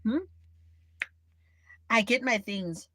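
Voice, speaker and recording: A young woman with a South African accent tells a story on her livestream in a blunt, animated way. Her voice sits at a middling pitch. The recording is dry and close. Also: measured pace, no room sound. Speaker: livestream host. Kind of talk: casual storytelling.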